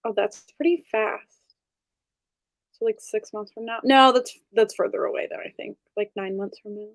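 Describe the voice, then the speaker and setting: A woman's voice: mid-range voice, moderate pace, creaky, dry recording. A woman hosting an online group reading session, chatting casually and bubbly, laughing often. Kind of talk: casual chat.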